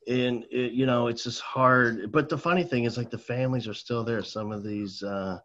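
A man from New Jersey, an educator, telling stories in a casual conversation, animated and repeating words, often saying man and dude. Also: mid-range voice, moderate pace, muffled recording. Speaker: educator, guest.

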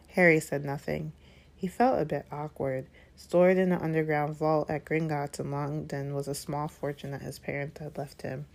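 A woman reading a children's fantasy novel aloud in steady, measured narration. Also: sits low, gravelly. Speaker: audiobook reader. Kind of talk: scripted narration.

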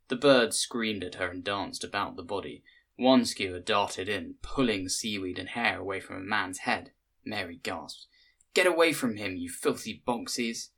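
A man reading a story as narrator, measured and descriptive. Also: sits low, sharp tone. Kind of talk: scripted narration.

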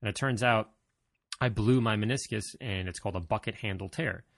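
A man's voice: lowish voice, fairly quick, creaky, no room sound, clean studio sound. A man telling a personal story to his viewers in a casual, rambling way, with plenty of fillers, self-corrections and self-deprecating humor. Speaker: vlogger.

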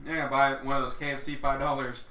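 A man chatting casually on a podcast, easygoing and quick to laugh. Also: mid-range voice, flat delivery, bright, forceful tone. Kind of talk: casual chat. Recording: echoey room, mic far off, faint hiss.

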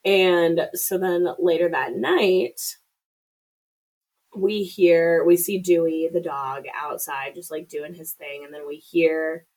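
A woman with a fairly low, slightly mellow voice speaks slowly and with fairly even intonation on a low-quality recording. As a podcast co-host, she chattily retells a movie plot, swearing freely and acting out the characters' lines.

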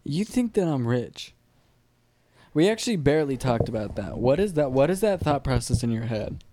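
A man's voice: mid-range voice, sing-song, warm tone, slight background noise. A young man co-hosting a casual podcast, teasing and joking with his friend. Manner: teasing, quick to laugh and poke fun. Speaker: podcast co-host. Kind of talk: casual chat.

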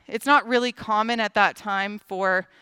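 A woman's voice: mid-range voice, steady tone, measured pace, bright, forceful tone, clear, resonant tone, no echo. A woman giving a casual Bible teaching in a conversational way, acting out the scenes as she retells them. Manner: conversational, acts out scenes with lots of "like".

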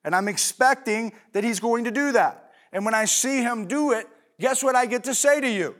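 This pastor's voice is very high and fairly bright, and he keeps a moderate pace. Preaching conversationally, he asks himself rhetorical questions and answers them, sprinkling in fillers and side comments.

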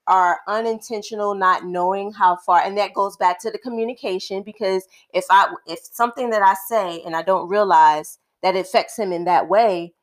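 A woman co-hosting a casual conversational podcast, speaking in a thoughtful, measured way with frequent pauses. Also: mid-range voice, steady tone. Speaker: podcast co-host.

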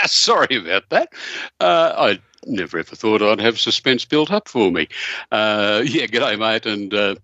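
A man's voice: lowish voice, very animated, a little slow, sharp tone, no room sound, highs cut off. A man with an Australian accent co-hosting a casual sports podcast, rambling and chuckling as he gives blunt opinions. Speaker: co-host.

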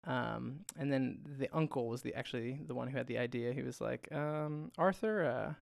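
A man's voice: mid-range voice, fairly even intonation, brisk, gravelly, no echo, studio quality. A man co-hosting a podcast in casual chat, talking in a loose, rambling way with frequent laughs and fillers. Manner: chatty, laughs often, trails off with fillers. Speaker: podcast co-host.

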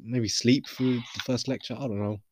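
A man's voice: medium pitch, steady tone, normal speed, slight background noise. Young man hosting a podcast. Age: young adult. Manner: playful teasing banter. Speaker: podcast host. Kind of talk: casual chat.

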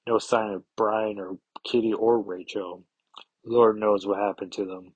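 A man's voice: on the low side, flat delivery, a little slow, darkish tone, breathy edge, no room sound, dull audio. A man reading the lines of an earnest male superhero recapping events, in a plain voice. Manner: plain reading, no accent attempted.

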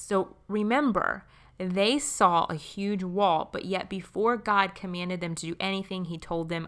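A young woman hosting a devotional podcast, talking casually and warmly, often laughing and calling the listener friend. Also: fairly low pitch, measured pace. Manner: warm, chatty, laughs often, says friend. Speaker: podcast host.

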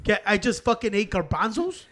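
A man tells stories among friends at a quick clip. His voice sits very high and leaps around as he swears and switches between English and Spanish. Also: big pitch swings, a bit bright. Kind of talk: casual chat.

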